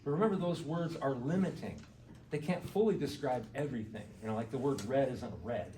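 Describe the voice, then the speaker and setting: A man gives a relaxed talk to a live audience, tossing questions to the room and padding his points with "you know". His mid-pitched voice sounds distant, caught by a mic well away from him. The hall echoes around him over a faint hiss. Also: a little fast. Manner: conversational, quizzes the audience, many "you know"s. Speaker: garden club speaker and author. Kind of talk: casual lecture to a live audience. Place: indoor meeting hall with audience. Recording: echoey hall recorded from far off.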